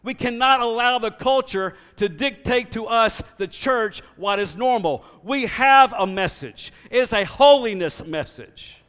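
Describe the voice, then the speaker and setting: A man preaching a sermon as pastor, stressing key words slowly and then dropping into a quiet storytelling voice. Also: very high-pitched, expressive, smooth, big-room sound.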